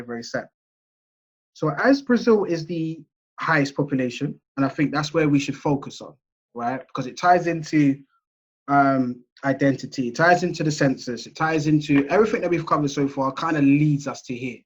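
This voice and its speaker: A man's voice: medium pitch, husky. A man with an English accent giving a seminar lecture over a video call, in a chatty, conversational way that keeps checking in with his listeners. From England. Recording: muffled video call audio.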